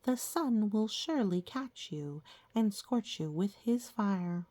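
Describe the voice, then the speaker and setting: A woman's voice: mid-range voice, animated, slow pace, warm tone, no echo. A woman voicing a stern mother snowflake who warns her children in a children's storybook reading. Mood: warning. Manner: warning, scolding tone.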